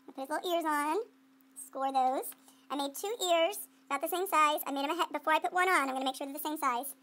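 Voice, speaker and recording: A woman's voice: sits high, fairly bright tone. A woman art teacher giving a playful running commentary while she demonstrates clay sculpting to students.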